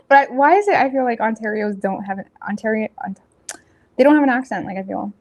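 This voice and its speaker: A woman with a Nova Scotian accent doing a tarot reading in a rambling, casual chat, full of fillers and self-corrections, blunt and quick to laugh. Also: fairly high pitch, lively intonation. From Nova Scotia, Canada. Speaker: tarot reader.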